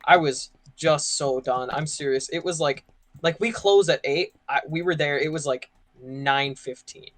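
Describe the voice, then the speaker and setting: A man's voice: on the high side, a little slow, a bit bright. Rambling young man telling a story. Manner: rambling, full of "like" and "you know". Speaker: podcast co-host. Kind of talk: casual storytelling chat while gaming.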